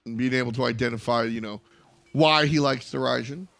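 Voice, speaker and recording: Excitable gravelly male esports caster. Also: medium pitch, fairly quick, dry recording. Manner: excitable, rising to shouts at big plays. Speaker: play-by-play caster. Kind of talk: esports commentary.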